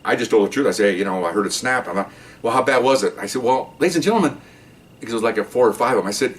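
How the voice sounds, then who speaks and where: A man's voice: medium pitch, animated, rapid-fire. An older man, a retired police officer, casually telling a story and acting out the voices of the people in it.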